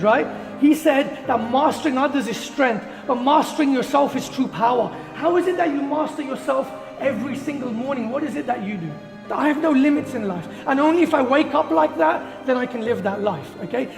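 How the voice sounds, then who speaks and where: A man's voice: extremely high pitch, a little fast, creaky. A man giving a motivational talk to a group, emphatic and firing rhetorical questions. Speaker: motivational speaker. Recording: echoey hall with faint music.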